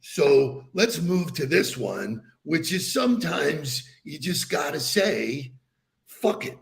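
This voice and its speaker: A man's voice: fairly high pitch, sing-song, slow pace, creaky. A man co-hosting a podcast in casual chat, playful and laughing often. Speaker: podcast co-host.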